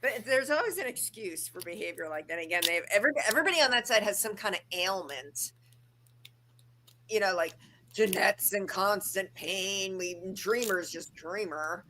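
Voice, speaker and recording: A woman co-hosting a casual live gossip chat, animated and sarcastic. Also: mid-range voice, moderate pace, a little hiss or hum, poor audio. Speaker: co-host.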